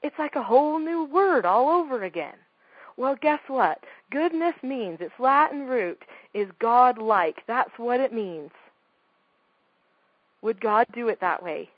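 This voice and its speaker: A woman's voice: on the high side, animated, a little slow, husky, no echo, muffled recording. A woman giving a talk on parenting, speaking emphatically and firing off rhetorical questions. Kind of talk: talk to an audience.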